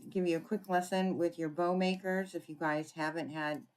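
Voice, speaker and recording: A woman giving a casual card-making tutorial, chatting and thinking aloud as she works, often clearing her throat. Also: lowish voice, fairly even intonation, moderate pace, darkish tone, a little hiss or hum. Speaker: papercraft demonstrator.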